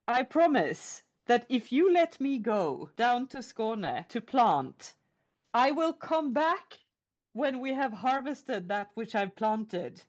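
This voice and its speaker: A woman's voice: a little high, sing-song, takes it slowly, a little mellow. A woman doing an earnest young prisoner pleading. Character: earnest young male prisoner, desperate lover. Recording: lo-fi podcast audio.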